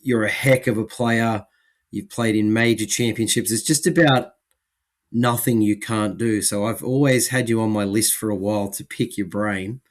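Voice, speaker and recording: A man's voice: fairly low pitch, fairly even intonation, moderate pace. A man with an Australian accent hosting a podcast, chatty and upbeat as he introduces and questions his guest. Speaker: podcast host. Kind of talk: casual podcast interview.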